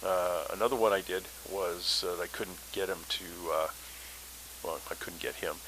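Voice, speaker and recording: A man's voice: sits low, fairly even intonation, normal speed, noisy background. A man hosting a paranormal podcast, telling his story in a casual, rambling way with many fillers.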